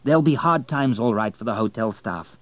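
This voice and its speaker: A man's voice: mid-range voice, animated, a little fast, no room sound, dull audio, pitched above the performer's own voice, close to an everyday voice. A man voicing a furious proud hotelier. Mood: angry. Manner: heated, bitter and raised. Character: angry proud male hotelier, middle-aged. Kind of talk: audiobook reading.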